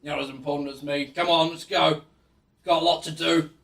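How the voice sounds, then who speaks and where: Guy doing a gravelly, rushed, full-of-himself adventurer, kinda high for a guy, echoey room. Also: steady tone, a bit bright, distant mic, a little hiss or hum. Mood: dismissive. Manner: brusque, dismissive. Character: arrogant impatient adventurer Opie. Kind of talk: tabletop role-play.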